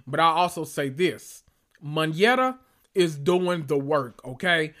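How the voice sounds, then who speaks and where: A man hosting a solo reality TV recap podcast, talking in a sassy, profane way with drawn-out emphasis. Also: a little high, big pitch swings, a bit bright. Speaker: podcast host.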